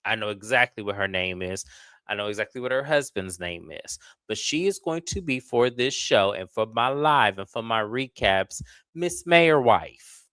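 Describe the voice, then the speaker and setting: A man hosting a casual reality TV recap, blunt and animated, full of slang. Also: fairly low pitch, normal speed, clear, resonant tone, no echo. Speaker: reality TV review host.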